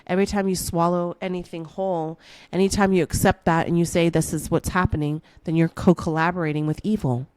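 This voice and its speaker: A woman's voice: on the low side, little pitch movement, brisk, darkish tone, dry recording. A woman hosting a motivational podcast, coaching the listener in a playful, hyped way and calling them baby. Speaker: manifestation coach and podcast host.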